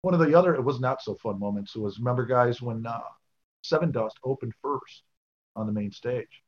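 A man's voice: mid-range voice, normal speed, highs cut off, a little hiss or hum. A man co-hosting a podcast, telling concert stories in a rambling, casual way with lots of fillers. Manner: rambling, with many fillers and restarts. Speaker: podcast co-host. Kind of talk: casual storytelling chat.

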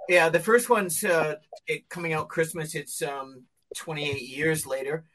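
Hesitant man with a higher voice. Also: fairly even intonation, fairly bright tone. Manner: hesitant, halting, unsure phrasing. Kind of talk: casual podcast chat.

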